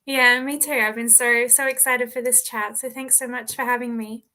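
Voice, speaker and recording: A bubbly Australian woman in her thirties is chatting as an interview guest, and she laughs easily. Her voice is bright and forward and sits a little high. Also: fairly even intonation, moderate pace. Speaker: guest author. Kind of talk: casual interview chat.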